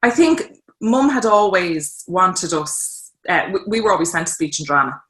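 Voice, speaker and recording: Low-voiced Irish woman, bright and roomy. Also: moderate pace. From Ireland. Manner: lively storyteller, acts out quotes in voices. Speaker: guest, fashion designer. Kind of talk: casual interview chat.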